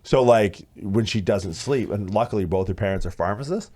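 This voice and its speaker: Animated storytelling man, lowish voice. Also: normal speed. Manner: animated, swearing, acts out quoted voices loudly. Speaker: podcast co-host. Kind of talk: casual storytelling chat.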